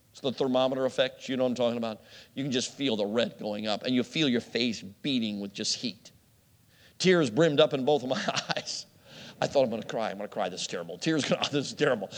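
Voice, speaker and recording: A man's voice: mid-range voice, fairly bright tone. Male preacher, middle-aged, storytelling, self-deprecating humor, long hall reverb. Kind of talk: sermon.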